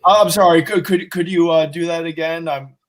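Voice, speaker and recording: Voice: mid-range voice, steady tone, a little fast. A livestream host giving short replies and fumbling with the stream setup. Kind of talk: casual chat.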